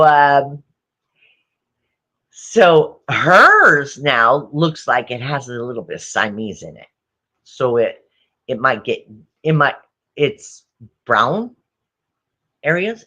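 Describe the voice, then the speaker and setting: Chatty woman hosting a livestream, lively voice. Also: low-pitched. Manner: chatty, laughs often, talks to viewers. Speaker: livestream host. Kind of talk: casual livestream chat. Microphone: phone.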